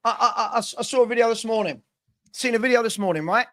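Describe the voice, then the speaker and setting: Exasperated high-voiced man ranting. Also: fast talker, pushed and bright. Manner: exasperated, repetitive, stumbling restarts. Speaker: football channel host. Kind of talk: casual live-stream chat.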